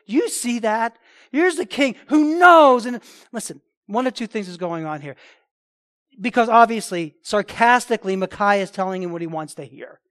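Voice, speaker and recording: A man's voice: high-pitched, a bit bright. A man preaching a sermon, emphatic and repetitive, often restarting his phrases. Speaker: pastor.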